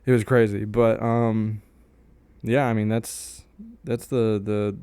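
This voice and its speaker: A man's voice: on the low side, flat delivery, slow, warm tone, clean tone, dry recording. Young man rambling through a story. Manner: rambling, many fillers and restarts. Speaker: vlogger. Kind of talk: casual storytelling.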